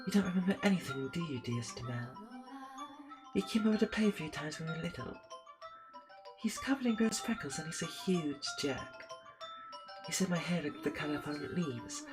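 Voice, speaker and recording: A man's voice: a little high, lively intonation, a little fast, pauses often, music in the background, lightly acted. A man voicing a haughty, spoiled young noble girl, petulant and bossy.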